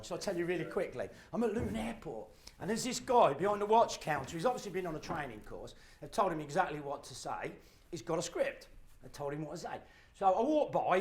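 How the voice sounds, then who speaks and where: A middle-aged man, giving a live motivational talk and telling stories with acted-out voices and shouts. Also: high voice. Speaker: motivational speaker.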